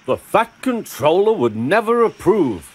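A man's voice: medium pitch, sing-song, takes it slowly, fairly bright tone, husky, exaggerated voice. A man doing a pompous big engine. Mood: haughty. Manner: haughty, huffing. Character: proud pompous big male express engine.

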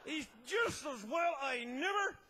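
Shouting, laughing man, very high voice. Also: animated, unhurried, noisy background. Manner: loud, laughing, often shouting. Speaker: comic storyteller. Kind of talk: tall-tale comedy monologue.

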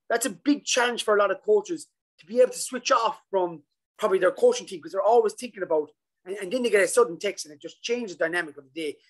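A man presenting a coaching webinar over a video call, animated and acting out a worried coach's thoughts. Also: high voice, poor audio. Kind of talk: casual webinar talk.

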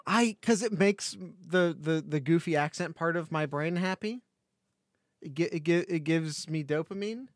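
A man's voice: a little high, normal speed, dry recording, studio quality. A man co-hosting a casual sports podcast over a call, joking and rambling with many restarts. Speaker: podcast co-host. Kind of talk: casual chat.

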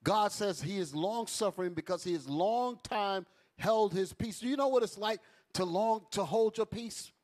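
Man, high voice, emphatic preaching, Bible class teacher. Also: normal speed, a little mellow. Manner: emphatic, calls out to the audience.

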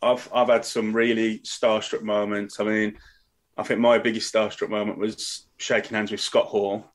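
A man's voice: on the low side, little pitch movement, normal speed. A young adult man, a wrestler chatting as a podcast guest and telling stories in a casual, friendly way. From England. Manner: chatty storyteller, says "mate".

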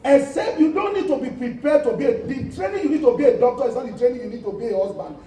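A Nigerian man speaking in a high, mellow voice, driving his points home like a preacher and rising to loud bursts. His voice is caught from a distance in an echoey room with a faint hiss behind it. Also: fast. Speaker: lawyer, invited speaker. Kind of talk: public talk on a panel. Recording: echoey room, voice picked up from afar.

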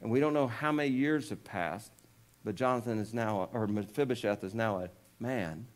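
A male pastor preaching a sermon, retelling scripture in a casual storytelling way with jokes and asides, raising his voice when he quotes the people in the story. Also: normal speed. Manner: lifts pitch and volume when voicing quoted figures.

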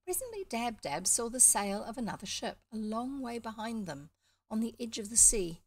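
A woman's voice: a little high, big pitch swings, moderate pace. A woman with a New Zealand accent reading a children's book aloud, stopping for chatty, explanatory asides. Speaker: storybook reader.

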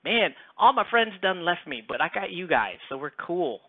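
With a high, very animated voice at a moderate pace, this American man paints a miniature on a live stream while chatting, rambling and joking with viewers. A close, dry mic gives tinny, lo-fi audio with no room sound.

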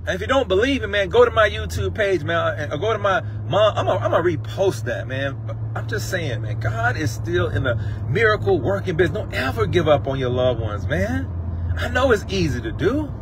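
Impassioned high-voiced preacher. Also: male voice, big pitch swings, brisk, noisy background. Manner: impassioned, emotional preaching with singing and repetition. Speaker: pastor. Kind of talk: sermon. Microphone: livestream phone mic.

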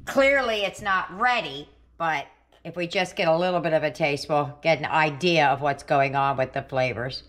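A woman's voice: low voice, normal speed, a bit bright. A middle-aged woman hosting a home cooking video, chatting and thinking aloud as she cooks. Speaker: cooking channel host. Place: home kitchen.

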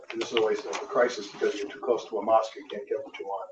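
A man's voice: fairly low pitch, flat delivery, very fast, few pauses. An American man, a Catholic priest, giving a conference talk and telling a travel story with dry humor and plenty of "uh" fillers. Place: lecture hall. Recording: roomy, distant, dull lecture-hall recording with faint noise.

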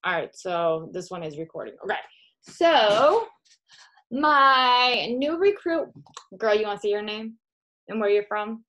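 A woman's voice: mid-range voice, normal speed, poor audio. A woman with a Midwestern American accent, a direct sales consultant chatting casually while showing products at home and calling the listener "girl". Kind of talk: casual home video demo.

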